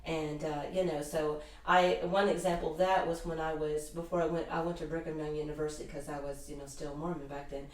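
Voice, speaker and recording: A middle-aged woman spins a long, meandering personal story, restarting her sentences as she goes. Her voice sits fairly low. She is caught from a distance in a very echoey room. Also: a little fast, hardly any pauses. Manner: animated, rambling anecdotes with many restarts. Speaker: guest, intuitive healer. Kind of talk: casual interview storytelling. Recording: roomy echo, distant mic.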